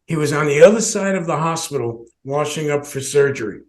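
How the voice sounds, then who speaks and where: A podcast host tells a personal story in a fairly high, expressive voice at a fairly quick pace. He rambles, restarts often, and drops short laughs between phrases.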